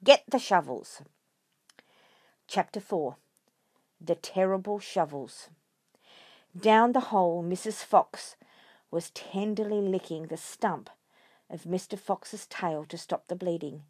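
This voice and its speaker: A woman reading a children's storybook aloud, expressive and lively. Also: fairly low pitch, takes it slowly, no echo, clean studio sound.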